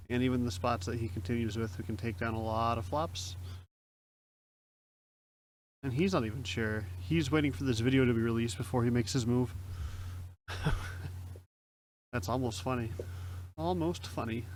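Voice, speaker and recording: A man's voice: medium pitch, slight background noise, low-quality recording. A young man casually talking through his online poker hands as a streamer, chatty and self-mocking. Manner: chatty, self-mocking, explains plays aloud.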